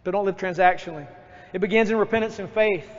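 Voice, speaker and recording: A man preaching a sermon as pastor, lively and acting out his own outbursts. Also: sits high, fast talker. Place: church sanctuary. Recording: dull church recording with long reverb.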